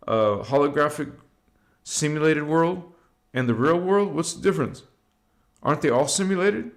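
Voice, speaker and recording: A man hosting a spiritual livestream, talking loosely and slangily, swearing now and then, and leading slow chanted affirmations. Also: fairly high pitch. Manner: loose and slangy, swears, drifts between chat and slow incantation.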